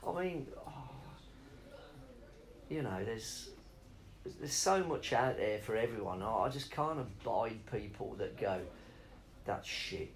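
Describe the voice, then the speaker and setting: A man's voice: medium pitch, lively intonation, measured pace, a little hiss or hum, rough recording. A middle-aged man rambling off on tangents in a casual interview, swearing freely as he talks about spoken word.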